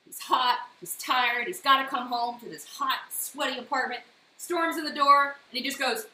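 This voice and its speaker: Walking viewers through a baking demo at home, this high-pitched woman talks at normal speed, mixing step-by-step guidance with chatty, lively stories from her life. Faint noise and echo fill her kitchen.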